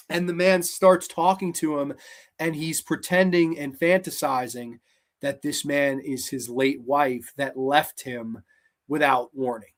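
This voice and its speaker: A man hosting a horror movie show, retelling a film's plot in an energetic, animated way with fillers. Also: fairly high pitch. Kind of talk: casual movie review.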